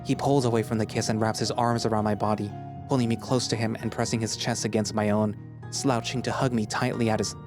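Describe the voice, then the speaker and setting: A man's voice: on the low side, a little fast. A man narrating a first-person dramatic audio story as an earnest, emotional young male anthro, speaking expressively. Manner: earnest and expressive, rising to anger. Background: background music.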